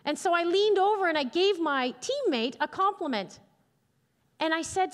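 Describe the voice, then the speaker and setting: A woman giving a motivational keynote speech on stage, telling stories in an animated way and laughing often. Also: very high voice, moderate pace. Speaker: keynote speaker. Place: large hall on stage.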